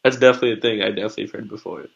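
A man's voice: fairly low pitch, fairly even intonation, very fast, gravelly, highs cut off. A young man in college co-hosting a podcast, joking casually and calling people "dude" and "bro". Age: young adult. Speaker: podcast co-host. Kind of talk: casual chat.

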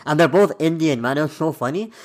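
A man's voice: a little high, lively intonation, fast talker. A man, hosting a podcast alone and telling stories in a loose, rambling way, swearing often and filling gaps with "like.". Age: 20s. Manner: loose, profane and rambling, full of fillers. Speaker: podcast host. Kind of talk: casual storytelling monologue.

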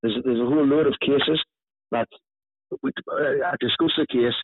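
A man tells a ghost story, his husky voice coming down a thin, tinny phone line with no room sound around it. He talks in an animated way, stumbling over and repeating words as he gets into it. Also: medium pitch, normal speed, dry recording. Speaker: author and paranormal investigator, guest. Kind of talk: conversational storytelling.

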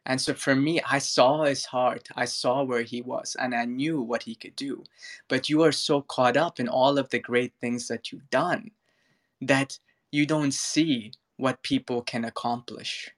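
A man gives a spiritual talk in an online audio room, speaking into his phone. He tells a parable earnestly in a mid-pitched voice, slowing down to stress key words. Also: steady tone.

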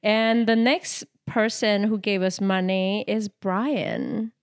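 A woman's voice: mid-range voice, fairly even intonation, takes it slowly, smooth. A young woman co-hosting a podcast in casual chat, blunt and giggly, swearing freely. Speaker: podcast co-host.

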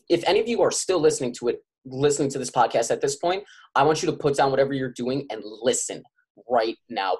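A man's voice: mid-range voice, darkish tone, husky. A man who works as a physical therapist, speaking urgently and passionately as a guest on a podcast and calling out to his listeners as y'all. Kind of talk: podcast interview.

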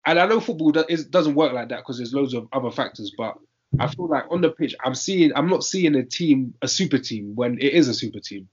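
A man's voice: mid-range voice, expressive, brisk, husky. Young guy talking football, lots of bro and innit, muffled lo-fi sound. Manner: slangy, emphatic, repeats points. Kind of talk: casual football chat. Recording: dull lo-fi audio.

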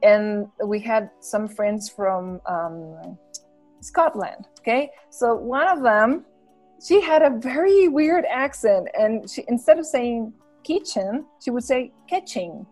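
Woman, chatty guest, frequent laughter, slightly high voice. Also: slow pace, a little mellow, faint music behind. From Bolivia. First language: Spanish. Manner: laughs often, many fillers and restarts. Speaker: podcast guest, English school founder. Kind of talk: casual chat.

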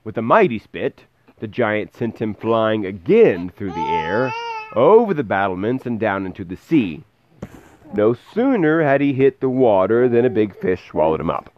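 A man reading a fairy tale aloud in a lively way, pausing to explain words. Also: fairly low pitch, muffled recording. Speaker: storyteller.

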